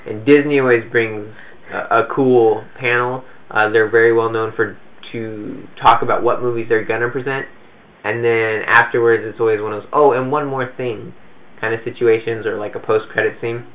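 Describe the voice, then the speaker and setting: A man's voice: lowish voice, little pitch movement, normal speed. A man chatting casually as a podcast co-host and film reviewer, rambling along with fillers and restarts. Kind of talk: casual chat. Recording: tinny phone-like sound.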